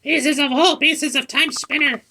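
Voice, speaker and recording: A tiny squeaky pet dragon. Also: male voice, fairly even intonation, normal speed, recorded from a distance, a little hiss or hum, heavily acted. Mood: cryptic. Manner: clipped, squeaky one-word answers. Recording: loud game music behind.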